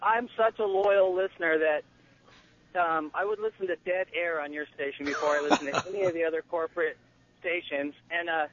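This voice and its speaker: A man calls in to a radio show to pay the host compliments, stopping and restarting as he goes. His voice sits a touch high. The line is thin and phone-like. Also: steady tone, a crowd in the background. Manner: halting, admiring. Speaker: radio caller.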